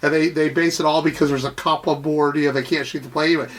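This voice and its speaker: A man's voice: on the high side, fairly even intonation, fast. A man co-hosting a podcast in casual, enthusiastic chat, rambling with fillers and swearing, his voice a little nasal from a cold. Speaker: podcast co-host.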